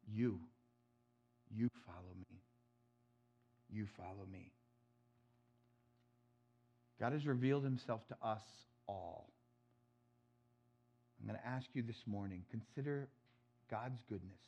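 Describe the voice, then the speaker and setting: A man preaching a sermon as pastor, swinging from loud emphatic quotes to hushed, low asides. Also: muffled recording.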